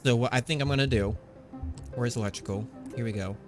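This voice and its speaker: A man's voice: mid-range voice, fairly quick, soft background music. Chatty man rambling over gameplay. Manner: chatty, rambling, self-correcting. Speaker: gaming channel host. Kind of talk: casual gameplay commentary. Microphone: desktop microphone.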